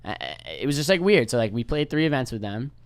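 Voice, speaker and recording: A man's voice: mid-range voice, expressive, fast talker, dry recording. A young man from New York, a podcast guest telling rambling, laid-back stories and swearing freely. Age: young adult. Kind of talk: casual storytelling chat.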